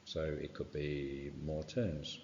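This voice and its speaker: Very deep-voiced male teacher, revision lesson. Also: flat delivery, slow, a little mellow. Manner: informal, fills with "right" and "okay". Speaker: science teacher. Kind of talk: exam revision walkthrough. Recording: dull sound with long reverb.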